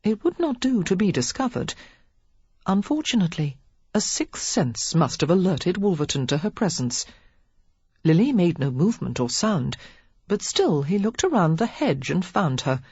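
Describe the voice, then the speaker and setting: A woman narrating an audiobook with a low, slightly husky voice and lively pitch. Her delivery is expressive and measured, captured dry and a little dull. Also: no room sound. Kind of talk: scripted narration.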